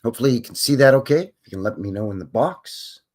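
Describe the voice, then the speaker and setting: A man's voice: mid-range voice, animated, quick pace, a little mellow. A man from Canada hosting a casual live stream, rambling and joking with his chat. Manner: rambling, jokey, chuckles to himself. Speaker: livestream host.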